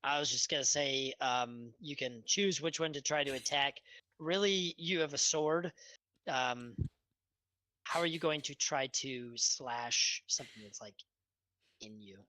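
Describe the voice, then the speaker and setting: A man's voice: mid-range voice, unhurried, sharp tone, no room sound, low-quality recording. A man narrating as game master of a tabletop game, hesitant and full of fillers.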